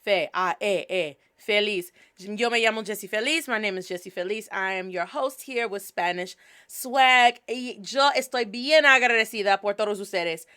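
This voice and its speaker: A woman's voice: medium pitch, normal speed, bright, forceful tone, clean tone. A woman hosting a casual teaching podcast, upbeat and playful, spelling words out and coaching her listeners. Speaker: podcast host and language teacher.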